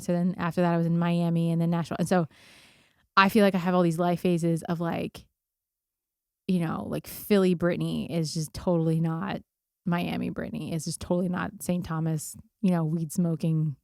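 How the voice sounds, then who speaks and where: A woman from Philadelphia in her thirties talks as a podcast guest in a relaxed, rambling, self-deprecating way, restarting sentences as she thinks. Her voice sits a little low and sounds smooth and resonant. The recording is dry and close. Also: normal speed, no echo. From Philadelphia, USA. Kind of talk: casual chat.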